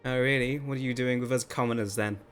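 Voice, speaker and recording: A man voicing a sassy, easily offended female cart horse in a tabletop game, with dry, quick comebacks. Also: medium pitch, steady tone, faint music behind, lightly acted. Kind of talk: tabletop role-play voicing.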